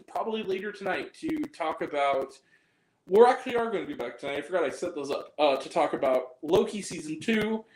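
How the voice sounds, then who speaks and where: High-voiced man ranting in an echoey room. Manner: profane, heated, repeats himself. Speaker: movie review host. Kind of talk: angry ranting vlog monologue. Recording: roomy echo.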